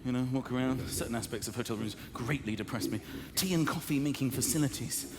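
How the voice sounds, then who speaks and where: A man doing a stand-up routine, telling self-mocking stories in an animated way. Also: mid-range voice, quick pace, echoey room, noisy background. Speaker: stand-up comedian.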